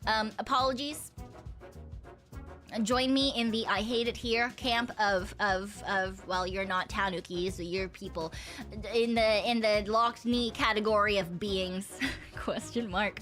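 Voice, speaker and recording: Casting: young woman streamer, high-ish voice, loose rambling chat, swears a lot, faint music underneath. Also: unhurried, fairly bright tone. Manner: rambling, swearing, laughing often. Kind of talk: casual chat with viewers.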